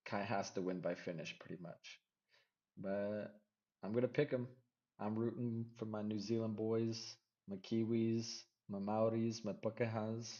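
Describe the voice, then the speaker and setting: A man giving casual MMA fight predictions, rambling and second-guessing himself out loud. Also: lowish voice, steady tone, unhurried, lo-fi sound. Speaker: MMA fight picks vlogger.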